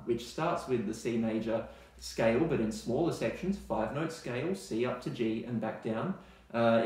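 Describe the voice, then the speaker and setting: An Australian man teaching music in a relaxed, chatty way, now and then singing scale notes to demonstrate. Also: mid-range voice, very echoey. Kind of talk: recorded online music lesson.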